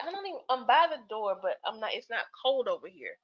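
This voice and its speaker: A woman's voice: fairly high pitch, very animated, quick pace, a bit bright, muffled recording. A woman hosting a live stream, chatting casually with viewers about skits, sleepy and yawning as she talks. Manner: chatty, talks straight to the chat, laughs often.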